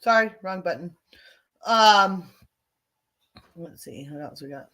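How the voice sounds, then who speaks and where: A woman's voice: lowish voice, expressive, slow, fairly bright tone. Chatty woman rambling through reaction clips. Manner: chatty, rambling, apologetic asides. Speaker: host reacting to videos. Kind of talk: casual chat.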